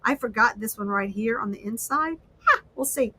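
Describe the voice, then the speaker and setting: A woman's voice: on the high side, expressive, normal speed, sharp tone, a little hiss or hum. A woman hosting a casual crafting livestream, chatting in a rambling, self-deprecating way. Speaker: livestream host.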